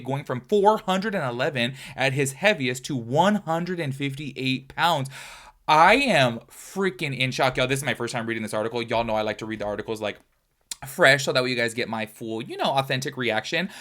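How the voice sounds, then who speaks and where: A man with a mid-range voice talks through a casual reaction commentary, reading an article aloud. He keeps breaking into chatty, exclaiming asides full of fillers. He sounds like he is recording at home. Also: medium pitch. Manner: chatty and expressive, often exclaiming, with frequent fillers. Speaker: commentary YouTuber.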